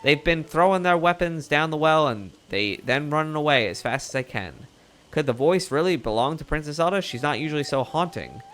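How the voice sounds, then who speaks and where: An eager little bird reporter who spooks easily, read aloud by a man playing a video game. The lines swing up and down in a lively way, with faint game music underneath. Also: a little high, brisk. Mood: chatty. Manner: reading game text aloud with lively rises. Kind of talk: reading game dialogue aloud.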